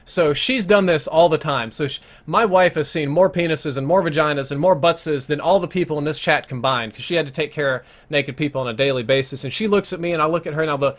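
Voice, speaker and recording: A man's voice: on the high side, fast, few pauses. Rambling crude male game streamer. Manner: rambling, crude, self-interrupting. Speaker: gaming streamer. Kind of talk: casual storytelling over live gameplay.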